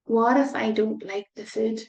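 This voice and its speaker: A woman's voice: fairly high pitch, fairly even intonation, a little slow, darkish tone. A woman voicing a worried little boy in a storybook who keeps asking anxious what-if questions. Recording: roomy echo.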